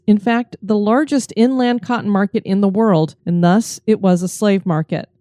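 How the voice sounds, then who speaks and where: Woman reading history in a mellow voice. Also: mid-range voice, no room sound, clean studio sound. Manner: steady, informative reading. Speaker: podcast co-host. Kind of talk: scripted history narration.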